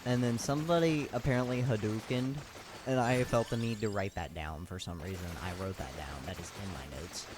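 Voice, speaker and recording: Male comedic ranter, lowish voice, swears freely, sarcastic slangy recap, noisy recording. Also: a little fast. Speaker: youtuber recapping an anime.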